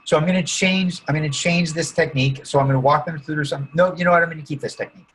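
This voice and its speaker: A man working as a coach, calmly guiding listeners through a visualization exercise in an interview and often checking in with "okay?" and "right?". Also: on the high side, quick pace, slight background noise, low-quality recording. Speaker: guest coach using neurolinguistic programming. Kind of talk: guided visualization during an interview.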